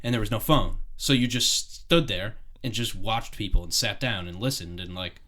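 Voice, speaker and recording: A man's voice: lowish voice, normal speed, pushed and bright. Reflective young male podcast host. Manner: reflective, thinking aloud in long winding sentences. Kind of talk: casual podcast conversation.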